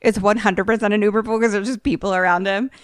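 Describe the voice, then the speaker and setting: A woman's voice: mid-range voice, fairly even intonation, fast talker, dry recording, clean studio sound. A woman co-hosting a podcast, casually retelling a film's plot and laughing often.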